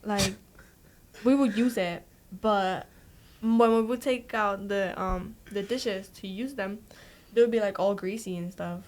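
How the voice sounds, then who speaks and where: A woman's voice: medium pitch, a little slow, a little mellow, a little hiss or hum. A woman in a casual group chat, telling playful family stories. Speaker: student or staff member.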